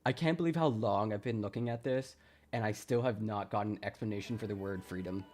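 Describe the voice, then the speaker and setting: A man's voice: fairly low pitch, fast talker, darkish tone. Laughing, sarcastic male streamer. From Wisconsin, US. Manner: jokey, sarcastic, laughs often, chats with viewers. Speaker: livestreamer. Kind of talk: casual livestream commentary.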